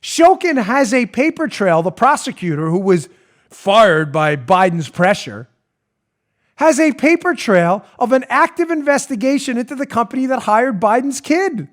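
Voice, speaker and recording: Speaking at an ordinary pace in a very high register, this man hosts a podcast and delivers a sarcastic, emphatic opinion piece. It plays like an animated rant from a talk-show monologue.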